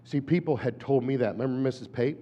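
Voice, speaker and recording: A man in his fifties, an animated storyteller who acts out voices, giving a talk at a conference. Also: medium pitch, quick pace. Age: 50s. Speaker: conference speaker. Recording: dull hall recording with long reverb.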